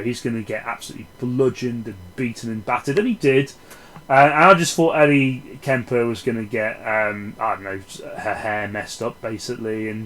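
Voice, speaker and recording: A man's voice: mid-range voice, low-quality recording. A man giving a casual film review in a rambling, sarcastic, sweary way.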